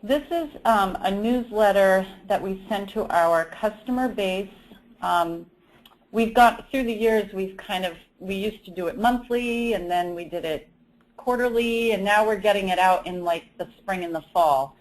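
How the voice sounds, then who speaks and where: A woman's voice: medium pitch, a little slow, low-quality recording. A woman from Vermont, a business owner speaking as a guest on a casual conference call, friendly and conversational.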